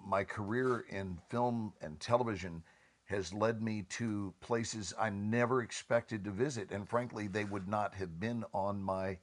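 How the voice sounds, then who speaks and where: On a panel discussion, a male actor who is a guest talks slowly and deliberately, with expressive changes in inflection. His pitch is fairly low.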